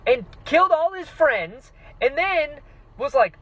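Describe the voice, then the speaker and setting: A man excitedly talking through his reactions to a fantasy novel in a casual vlog, jumping into quick put-on voices for characters. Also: very high-pitched, lo-fi sound. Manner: excitable, animated, mock-voicing characters. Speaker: book vlogger.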